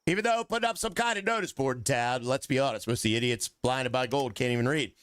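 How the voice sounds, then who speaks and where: A man's voice: fast talker, clean tone, no echo, studio quality, natural voice. A man reading aloud as a gold-rush hotel owner who scorns miners. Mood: scornful. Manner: reading game dialogue aloud, lively swings in pitch.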